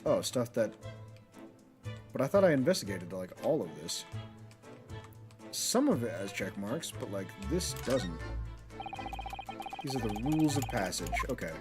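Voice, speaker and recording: Man streamer, casual mumbled asides, animated voice over game music. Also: mid-range voice, a little slow, pauses often. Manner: laid-back, mumbling asides.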